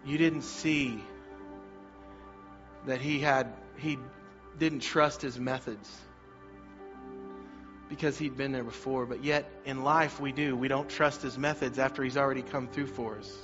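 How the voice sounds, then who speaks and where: A man preaching a sermon as pastor, energetic and leading the congregation to repeat lines back, in a muffled recording with faint music behind. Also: medium pitch, measured pace, pauses often.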